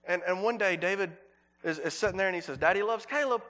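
A man preaching a sermon as pastor, earnest, repeating words for emphasis and slowing on key phrases. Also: sits high, steady tone, a bit bright.

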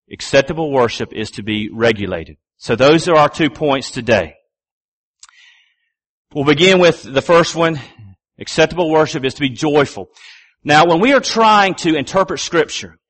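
A middle-aged man preaching a sermon, repeating key phrases and slowing down, low and deliberate, when he reads scripture. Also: a bit bright. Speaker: pastor.

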